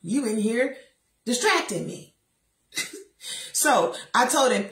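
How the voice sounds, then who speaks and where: A woman giving a lively motivational talk, telling personal stories and acting out the voices of the people in them. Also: fairly high pitch, takes it slowly, pauses often, roomy sound. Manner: lively storytelling, acts out voices, preachy asides. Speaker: motivational speaker.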